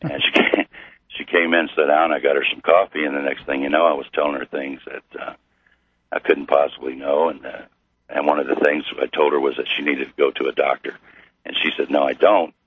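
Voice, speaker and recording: A middle-aged man from Missouri, a guest telling his story slowly with many pauses and fillers. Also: a bass voice, level tone, husky. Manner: slow, halting with many fillers. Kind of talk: storytelling interview. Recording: tinny phone-like radio line.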